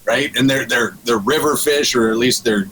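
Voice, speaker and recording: A man's voice: medium pitch, moderate pace, a crowd in the background, low-quality recording. A man guesting on a radio show, telling a fishing story in casual chat, with frequent restarts and laughs. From Minnesota.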